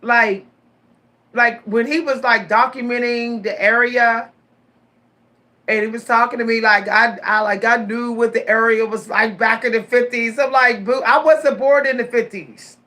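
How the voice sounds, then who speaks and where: A woman in her forties telling stories straight to her viewers in a casual vlog, animated, repeating her words and laughing often. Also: fairly high pitch, a little slow. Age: 40s. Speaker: vlogger.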